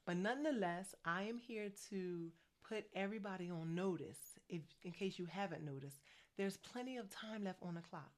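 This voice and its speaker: A woman in her forties from New Jersey, a faith and fitness coach talking fast and excitedly in a motivational vlog. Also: on the low side. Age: 40s.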